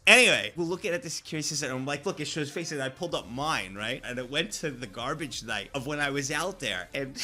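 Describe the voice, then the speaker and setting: A man, a live streamer telling profane, animated stories and reacting loudly to chat. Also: mid-range voice, fast, hardly any pauses. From New York.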